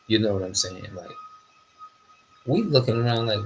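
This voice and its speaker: A middle-aged man, talking casually and cursing freely as he tells a story. His pitch swings widely from phrase to phrase. A faint background noise sits behind his voice. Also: fairly quick, poor audio. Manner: animated, profane, loosely phrased storytelling.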